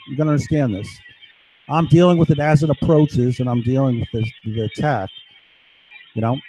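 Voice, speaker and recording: A man's voice: mid-range voice, warm tone, slightly rough, poor audio. A man telling a long, agitated story on a live stream, swearing often and tagging his sentences with "right?". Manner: agitated, profane, keeps asking "right?". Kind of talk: rambling monologue.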